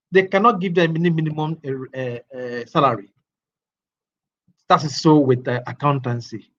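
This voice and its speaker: A man's voice: a little high, a bit bright, highs cut off. A man answering exam questions in a webinar, hesitant and full of fillers, chuckling at times.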